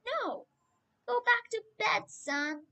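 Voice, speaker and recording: A woman voicing a sleepy old male priest in a storybook reading, tired and a little gruff. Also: very high voice, sing-song, slow, a bit bright, voice pushed up, exaggerated voice.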